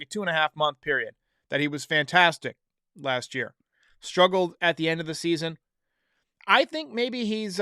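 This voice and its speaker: High, smooth-voiced male podcast host. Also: sharp tone, no room sound, studio quality. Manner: chatty, reads viewer comments aloud. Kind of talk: casual live-stream talk.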